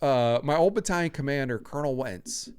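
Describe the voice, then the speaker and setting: A man in his sixties hosting a podcast, telling a story from his own life in a casual, animated way, acting out what people said and often laughing. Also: medium pitch, fairly quick, smooth. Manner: animated, acts out quoted lines, laughs often.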